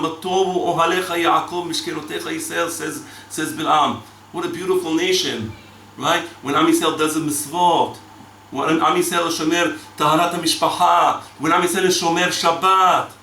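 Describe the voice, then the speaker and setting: A man teaching a Torah lecture as a rabbi, animated and chanting verses between his explanations. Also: fairly high pitch, creaky, slight background noise. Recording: echoey room, mic from far off.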